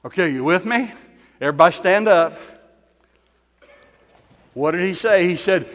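A man preaching a sermon, moving between quiet, conversational teaching and loud, fervent exhortation. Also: high-pitched, animated, moderate pace, pauses often, in a large hall. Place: church.

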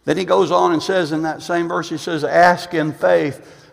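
A male pastor delivers a sermon in a fairly high, gravelly voice. He repeats and restarts phrases, surging to loud emphasis and dropping to low asides. His voice rings with the long reverb of a church hall. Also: fairly even intonation, fairly quick. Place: church sanctuary.

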